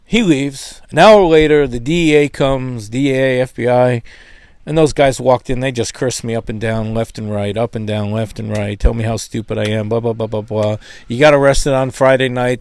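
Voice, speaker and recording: A middle-aged man giving a spoken testimony, telling his story in a lively way and acting out the voices of others. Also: medium pitch, no room sound. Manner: animated, acts out quoted voices. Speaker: testimony speaker.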